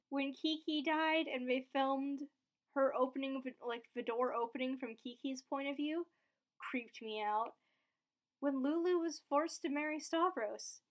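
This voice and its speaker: A woman chatting casually as she recaps a soap opera episode, rambling and filling her talk with "like". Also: sits high.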